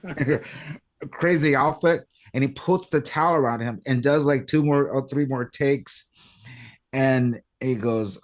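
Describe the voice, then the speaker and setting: A middle-aged man, an audio engineer, telling a lively anecdote and acting out the voices of the people in it. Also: medium pitch, normal speed. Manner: animated, acts out quoted voices. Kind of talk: storytelling anecdote.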